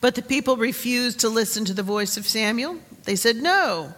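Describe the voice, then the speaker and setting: A woman's voice: on the high side, expressive, moderate pace, a bit bright. Woman pastor in a reverberant church. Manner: conversational, with fillers and restarts. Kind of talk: sermon with scripture reading. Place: church sanctuary. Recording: long reverb of a church sanctuary.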